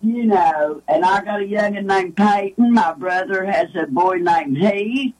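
Husky folksy woman. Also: medium pitch, unhurried, darkish tone, rough recording. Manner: rambling, folksy, lots of restarts. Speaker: guest. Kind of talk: casual storytelling.

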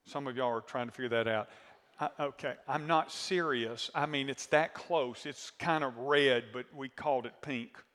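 A man preaching a sermon as pastor, telling a story with animated asides and questions to the congregation, his voice a little worn. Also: mid-range voice, normal speed, big-room sound. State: voice worn from screaming.

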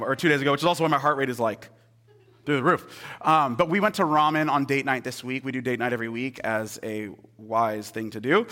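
A young adult man giving a casual, conversational sermon as a pastor, swinging between hushed asides and excited storytelling. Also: mid-range voice.

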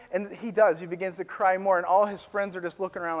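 A man preaching a sermon as pastor, telling a story with animated swings between loud and hushed delivery. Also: high voice, fast talker, hardly any pauses. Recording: long reverb of a large hall.

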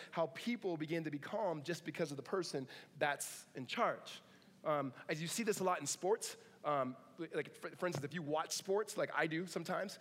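A man preaching a sermon in a relaxed, conversational way, with joking asides and animated retellings of stories. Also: on the high side, long reverb tail. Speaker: pastor.

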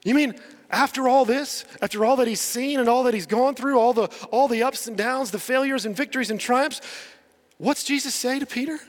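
A man with a high, light voice preaching a sermon from the pulpit, chatty and quick to laugh, acting out what the people in the story say. The sound carries the long reverb of a big church hall. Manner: conversational, laughs often, acts out quotes. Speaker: pastor.

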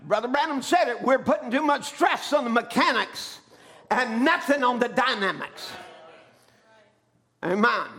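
A man preaching a sermon, building to shouted emphasis and often calling out "amen" to the congregation. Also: very high voice, lively intonation, a little slow, pauses often.

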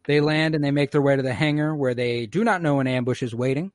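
A man casually recapping a show episode, loose and profane, slipping into quick voices for the characters. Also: medium pitch, no room sound, studio quality. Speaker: podcast co-host recapping an episode.

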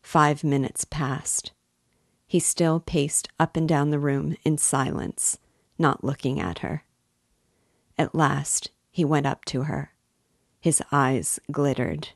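A woman reading a classic novel aloud in a measured, expressive way. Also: low voice, gravelly, no room sound, clean studio sound. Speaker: reader and guide of a book series.

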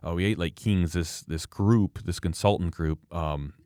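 Low-voiced man, rambling storyteller. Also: unhurried, warm tone, dry recording, studio quality. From Canada. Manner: rambling storyteller, frequent restarts. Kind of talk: casual conversation.

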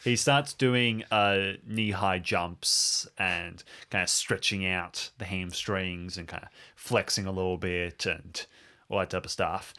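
A man's voice: low-pitched, pushed and bright. A young man playing a tabletop game, thinking aloud as he describes his character's actions. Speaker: player. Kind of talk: casual tabletop game play.

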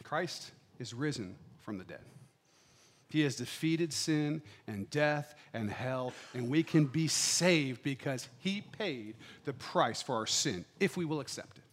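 A middle-aged man preaching a sermon in a church, swinging between loud, fervent declarations and quiet, intimate asides. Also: medium pitch, expressive, measured pace, slight background noise.

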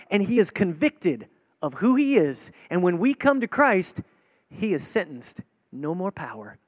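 High, lively-voiced preacher man. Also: no room sound, studio quality. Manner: swings between loud urging and hushed, near-whispered stretches; earnest, direct appeals to the congregation. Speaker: pastor. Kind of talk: sermon.

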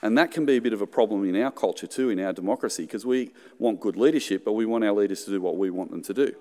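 A middle-aged Australian pastor preaches a conversational sermon in a fairly low, fast, dark-toned male voice, with hall reverb around him. He tosses in joking asides and acts out quotes.

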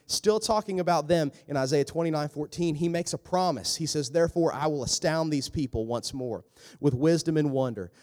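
Joking male pastor in an echoing hall. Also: fairly high pitch. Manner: animated, joking asides with quick voiced impressions. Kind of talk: sermon. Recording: echoey hall with long reverb.

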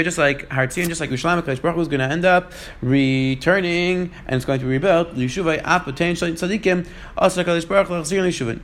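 A man giving a Talmud class in a quick, steady flow, mixing Hebrew and Aramaic quotes with English explanations. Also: a little high. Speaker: Talmud teacher. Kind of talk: Gemara study class.

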